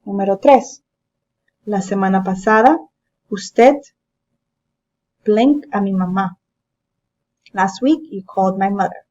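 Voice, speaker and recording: A woman teacher explains grammar at an unhurried, deliberate pace. Her voice sits at a middling pitch and comes through a somewhat dull, lo-fi recording. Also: dark tone. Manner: slow, patient explaining. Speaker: Spanish teacher. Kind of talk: classroom lesson narration.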